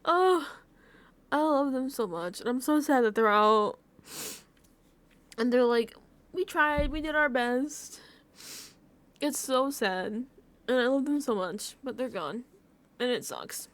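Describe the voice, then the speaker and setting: A woman's voice: fairly high pitch, animated, a little slow, pauses often. A woman vlogger recapping a reality show in a casual reaction chat, talking emotionally and effusively, full of "like" and breaking into laughs. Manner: effusive, emotional, filler-heavy with frequent "like"; laughs between phrases.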